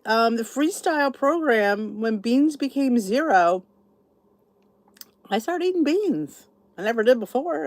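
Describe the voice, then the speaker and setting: A middle-aged channel host from New Jersey, US, hosts a casual livestream chat in a slightly high, darkish voice, recorded dry. She greets viewers and reads their comments out loud.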